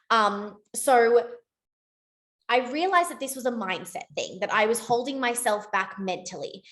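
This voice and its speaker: A young woman giving a casual motivational talk to her sales team, chatty and rambling, with lots of "like" and quick self-corrections. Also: on the high side, expressive, fairly bright tone. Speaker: network marketing team leader.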